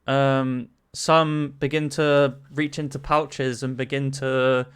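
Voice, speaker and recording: A man's voice: medium pitch, flat delivery, slow pace, clear, resonant tone. A man narrating a tabletop game as game master, casual, laughing often and swearing.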